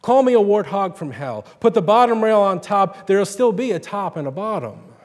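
A proud, churchgoing farm wife rails at the heavens in loud, fierce bursts, as a man puts her on in a story reading. The voice sits a touch high, and it rings out in a long, hall-like echo. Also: lively intonation, moderate pace. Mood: furious railing. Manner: railing, raised and fierce.

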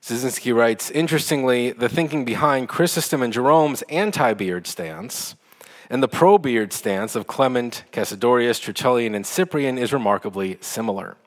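A man's voice: medium pitch, animated, normal speed. A man lecturing on church history, reading quotations aloud and explaining them, with fillers and self-corrections. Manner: reads quotes then comments, with fillers and self-corrections.

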